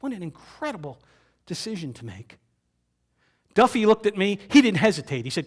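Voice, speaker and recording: A man speaking to a live audience, telling his story in short phrases broken by dramatic pauses. He repeats key lines and lets his voice fall quiet for emphasis. His voice sits fairly high for a man. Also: very animated. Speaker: keynote presenter.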